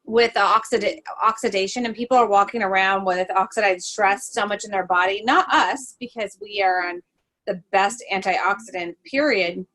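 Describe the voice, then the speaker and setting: A woman hosts a podcast and works as a holistic travel nurse. In casual chat she tells stories animatedly, laughing often and using many fillers. Her voice is medium-pitched at a moderate pace, and the recording is rough.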